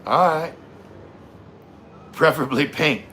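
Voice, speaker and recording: A man's voice: fairly high pitch, slow pace, pushed and bright, a little hiss or hum. A man hosting a casual live stream, reading viewer comments aloud in an easygoing way with frequent laughs. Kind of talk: casual livestream chat.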